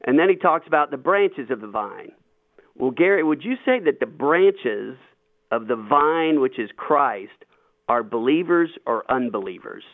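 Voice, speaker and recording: A man hosting a radio talk show, explaining Bible passages in an animated, emphatic way. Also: mid-range voice, unhurried, no echo. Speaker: radio host. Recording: tinny phone-like line, dry.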